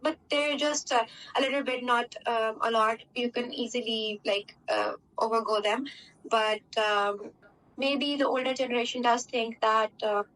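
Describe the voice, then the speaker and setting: A woman's voice: fairly high pitch, steady tone, unhurried, fairly bright tone. A young woman from Pakistan, speaking English with a Pakistani accent, answers interview questions in a chatty way full of fillers and tag questions. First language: Urdu. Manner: chatty, many fillers and "right?" tags. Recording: distant mic with faint background hum.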